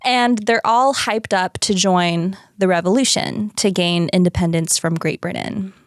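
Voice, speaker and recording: A woman's voice: on the low side, measured pace, no echo, studio quality. A woman co-hosting a podcast, casually recapping a story with lots of swearing and playful asides. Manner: animated, swears freely, acts out characters. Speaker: podcast co-host. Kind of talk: casual chat recapping a musical.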